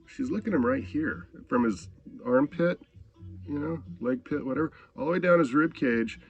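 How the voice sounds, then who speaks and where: A man's voice: fairly high pitch, moderate pace, gravelly, highs cut off, faint music behind. A man telling a personal story in a rambling, profane, laid-back way. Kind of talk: casual spoken anecdote.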